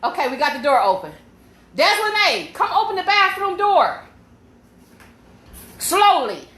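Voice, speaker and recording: A woman vlogging from her home, loud, laughing and cursing in a frantic panic. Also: very high voice, big pitch swings, unhurried, roomy sound. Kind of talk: panicked live vlog to viewers. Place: home indoors.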